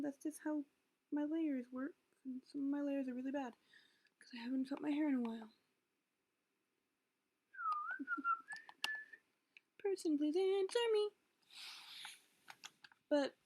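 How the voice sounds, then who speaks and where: A young woman in her late teens with a high voice and a gravelly, fry-edged tone. She rambles into her computer's built-in webcam at home and keeps interrupting herself as she talks. Her throat is sore. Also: warm tone. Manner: rambling, self-interrupting, emotional. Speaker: vlogger. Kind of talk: confessional webcam vlog. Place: at home, indoors. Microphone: built-in computer webcam mic.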